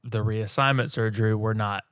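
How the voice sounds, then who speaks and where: A man's voice: lowish voice, fairly even intonation, normal speed, a bit bright, clean tone, dry recording. A man co-hosting a podcast, chiming in with dry, wry comments in casual chat. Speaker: podcast co-host. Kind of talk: casual movie-review chat.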